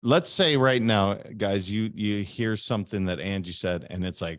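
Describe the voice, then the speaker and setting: A man's voice: lowish voice, normal speed, few pauses, no echo, studio quality. A man hosting a podcast interview, talking earnestly and repeating words as he thinks aloud. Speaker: podcast host. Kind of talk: conversational interview.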